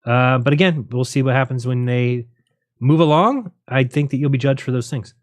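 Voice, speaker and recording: A man's voice: medium pitch, normal speed, no room sound. A man hosting a casual livestream, rambling and joking, often laughing at his own jokes. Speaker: livestream host.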